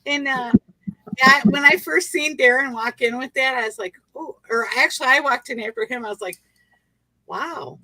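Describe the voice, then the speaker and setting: A woman's voice: sits high, fairly even intonation, a little fast, bright, forceful tone, no echo, low-quality recording. A woman hosting a casual livestream chat, playful and laughing often. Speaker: livestream host.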